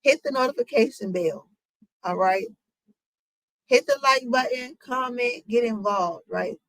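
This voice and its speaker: A woman's voice: a little high, big pitch swings, measured pace, dry recording, rough recording. A woman hosting her own commentary channel, talking casually to viewers with lots of fillers and asides. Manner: chatty, lots of fillers, addresses viewers as y'all.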